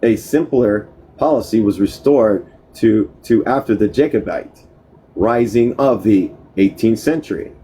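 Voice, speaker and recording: Low, mellow man reading aloud haltingly. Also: slightly rough, low-quality recording. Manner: halting reading, restarts and corrects mispronounced words. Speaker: book reader. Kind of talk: reading a history book aloud.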